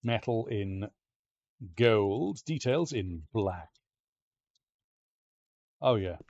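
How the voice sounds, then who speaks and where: A man with an Ulster Scots accent chats his way through a game, muttering to himself and tossing in the odd swear. His pitch swoops up and down, and the recording sounds a bit dull and lo-fi. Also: expressive, drawn-out words, a little mellow, a little hiss or hum. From Northern Ireland. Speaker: game streamer. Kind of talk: casual let's-play commentary.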